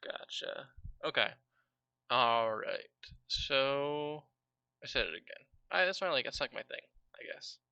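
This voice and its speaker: A man's voice: on the high side, animated, normal speed, vocal fry, bright, forceful tone, no echo, dull audio. A man as game master, recapping a tabletop game on a livestream in a casual, rambling way, with swearing and many fillers.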